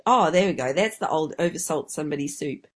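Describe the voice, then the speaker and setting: Giggly woman cohost, husky voice, bouncy pitch, reading out funny sayings. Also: animated, brisk. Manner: giggly, reads out sayings with playful emphasis. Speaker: podcast co-host. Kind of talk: casual chat.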